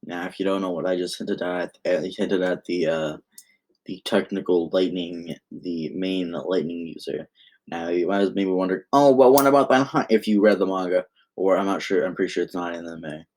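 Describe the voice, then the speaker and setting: A man's voice: deep voice, level tone, moderate pace, darkish tone. A young man casually improvising a fan story, rambling and often interrupting himself. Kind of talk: improvised fan-fiction narration.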